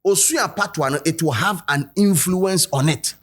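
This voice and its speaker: A man's voice: fairly high pitch, normal speed, fairly bright tone. A man with a Ghanaian accent hosting a commentary video, switching between English and Twi and reading quotes aloud. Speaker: host.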